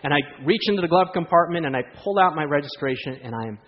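A man delivering a sermon, with a voice that sits a little high for a man. His stories come animated and are dotted with rhetorical questions to the listeners. The sound is dull and lo-fi, with a long hall reverb behind him. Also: fast talker. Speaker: preacher.

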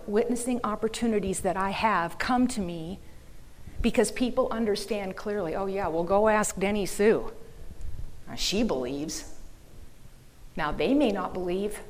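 A woman's voice: medium pitch, a little mellow. A woman giving an earnest, emphatic talk to a church audience, sometimes dropping into a mocking whisper. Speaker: speaker. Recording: reverberant hall.

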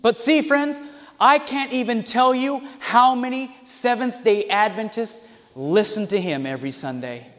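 A man preaching a sermon, animated, with mocking asides and mimicry. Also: high voice. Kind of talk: sermon with impressions and sung examples. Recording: long hall reverb.

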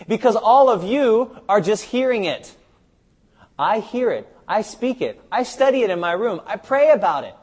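A man preaches a sermon at a seminar, asking his audience many rhetorical questions, in a live seminar recording. His voice is a little high, a little mellow and husky.

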